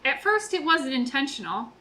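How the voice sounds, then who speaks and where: Bright-voiced animated woman co-host. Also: high-pitched, moderate pace, a little hiss or hum, low-quality recording. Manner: animated, laughs easily. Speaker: podcast co-host. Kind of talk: casual chat.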